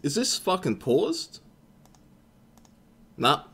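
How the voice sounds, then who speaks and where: A man's voice: a little high, big pitch swings, drawn-out words, vocal fry, a bit bright, slightly rough. A young Australian man hosting a game tournament live-stream, chatting casually with his viewers and swearing freely.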